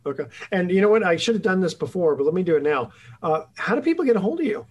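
A man's voice: high voice, sing-song, fast, darkish tone, slight background noise, poor audio. A man hosting a radio interview show, chatty and rambling with lots of fillers.

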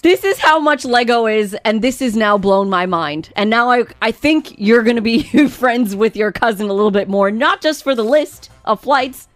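A woman co-host in casual chat, teasing her partner with quick interjections. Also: fairly high pitch, lively intonation, dry recording.

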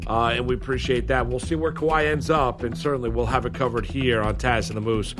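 A man's voice: mid-range voice, steady tone, fairly quick, music in the background. A man co-hosting a sports radio show, talking casually with lots of fillers and restarts. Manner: hesitant, many fillers and restarts.

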